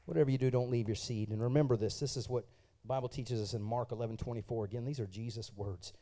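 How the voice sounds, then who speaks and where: A man preaching a sermon as pastor in a church, moving from quiet, personal testimony to loud, fervent preaching while questioning the congregation. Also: medium pitch, fairly even intonation, fast talker, some chatter behind.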